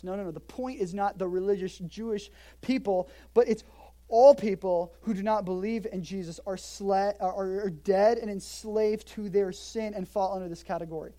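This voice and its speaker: Preaching an expository sermon at a church in Hawaii, a woman with a brisk, mid-range voice speaks conversationally and emphatically. Her delivery is lively, sprinkled with joking asides.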